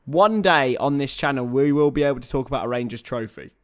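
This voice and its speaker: During a live football watchalong, a man with a mid-range voice talks briskly, commenting on the match and chatting casually with his viewers. He swears, refers to them as lads and suddenly bursts out with loud, excited calls.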